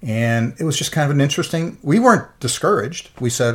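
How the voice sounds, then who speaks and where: A man's voice: on the high side, lively intonation, a little fast, a bit bright. A middle-aged man, an interview guest, giving an earnest and emotional personal faith testimony.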